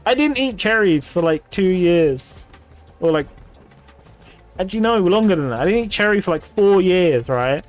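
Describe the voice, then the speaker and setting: A fairly high-voiced man chatting on his gaming stream, cursing constantly as he works himself into an exasperated rant. Faint game music plays underneath his voice. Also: expressive, moderate pace. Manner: swears freely, ranting and exasperated. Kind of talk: casual gaming stream chat.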